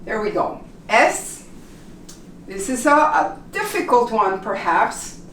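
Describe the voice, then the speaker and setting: A woman teaching English pronunciation in a slow classroom lesson, carefully repeating each word for learners. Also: on the high side, sing-song, fairly bright tone. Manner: deliberate, repeats words slowly for learners. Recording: roomy echo, distant from mic, faint room noise.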